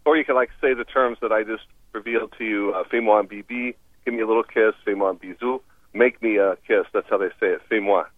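A man's voice: fairly low pitch, fairly even intonation, fast talker, no room sound. Guy on a tinny phone line, upbeat teacher vibe, dry sound, laughs a lot. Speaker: language expert guest. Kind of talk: radio interview, explaining phrases. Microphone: phone call.

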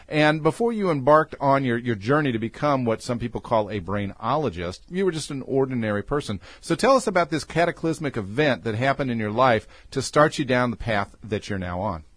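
A man's voice: medium pitch, expressive, fairly quick, few pauses, a bit bright, dry recording. A man hosting a radio talk show, reading a formal guest introduction and then interviewing his caller. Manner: reads guest bio formally, then chats.

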